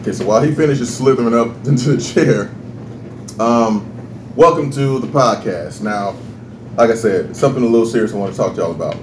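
A man co-hosting a casual podcast, ranting in an animated, profane way and laughing often. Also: mid-range voice, brisk. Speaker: podcast co-host. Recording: roomy echo, faint background noise.

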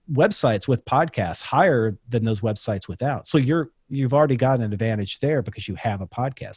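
A man's voice: mid-range voice, a little mellow, husky, no room sound. Man talking shop on a podcast, very dry sound. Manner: conversational, explains with examples, frequent restarts. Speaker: podcast director guest. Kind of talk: casual interview talk.

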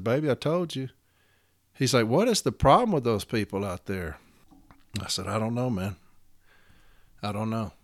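A man's voice: medium pitch, fairly bright tone. A man telling a story in a blunt, profane, heated way, speaking as a union representative. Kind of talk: casual storytelling monologue.

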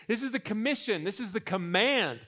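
Brisk and high-voiced, a young adult man preaches as pastor with lots of energy, cracking jokes on the side and hammering points home by repeating phrases.

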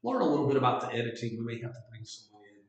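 Male co-host, playful and talkative, mid pitch, distant and very roomy. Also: big pitch swings, very fast. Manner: chatty, teasing, laughs often. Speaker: podcast co-host. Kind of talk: casual podcast chat. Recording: echoey room, away from mic.

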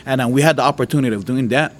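A man from Hawaii, a preacher giving his testimony, who tells his story with lively jumps in voice and frequent laughter. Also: very fast, slight background noise. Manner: animated storytelling, voice jumps high and loud when retelling his outbursts; laughs often. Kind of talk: testimony to an audience.

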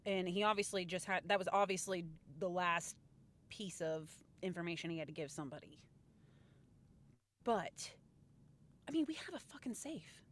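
A woman's voice: fairly low pitch, expressive, moderate pace, pauses often, fairly bright tone. A woman in her thirties co-hosting a casual podcast, blunt and swearing freely. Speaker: podcast co-host. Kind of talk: casual chat.

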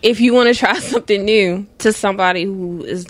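A woman's voice: medium pitch, a little fast. A woman co-hosting a podcast, talking candidly in casual chat, telling stories and laughing often. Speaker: podcast co-host.

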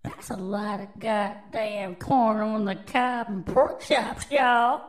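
A woman's voice: mid-range voice, steady tone, slow pace, slight background noise, rough recording. A woman, hosting a podcast and riffing on news stories in a brash, profane, drawling way. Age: adult, with children. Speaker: podcast host. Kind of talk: casual news commentary.

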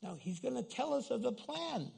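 A man's voice: very high voice, big pitch swings, moderate pace, gravelly, darkish tone, slightly rough. A male pastor preaching a sermon, with many restarts and quoted asides.

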